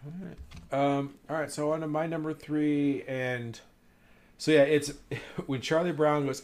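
A man's voice: on the high side, flat delivery, a little slow, a little mellow. A man hosting a casual podcast chat, talking loosely and laughing often. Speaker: podcast host.

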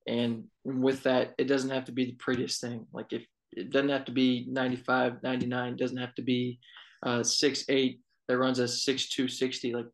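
A man's voice: mid-range voice, moderate pace, poor audio. A young man, an assistant college baseball coach, telling stories casually in an interview with many fillers. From Texas. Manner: storytelling, relaxed, many fillers.

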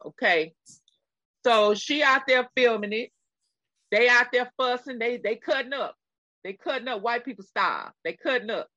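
Texan woman co-host, animated storyteller, bright voice, lo-fi dry recording. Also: moderate pace, no echo. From Texas. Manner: animated retelling, acting out quotes in a high screaming voice. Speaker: podcast co-host. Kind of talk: casual storytelling chat.

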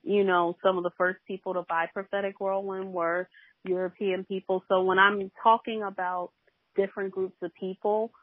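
A woman's voice: medium pitch, level tone, normal speed, no echo. A woman, a minister appearing as a podcast guest, telling a faith story with many hesitations. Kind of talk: faith testimony in a podcast interview. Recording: tinny phone line.

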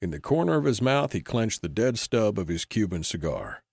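Man narrating a western audiobook, gravelly, pitch moves a lot, dry close mic. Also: very animated, darkish tone, dry recording. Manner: measured storytelling. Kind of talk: scripted narration.

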